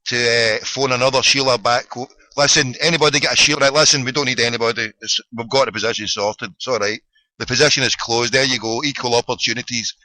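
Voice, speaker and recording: A man's voice: medium pitch, steady tone, fast, bright, forceful tone, no echo, low-quality recording. A middle-aged man with a Glaswegian accent hosting a phone-in podcast, ranting sarcastically and swearing freely in casual solo commentary. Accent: Scottish, Glaswegian.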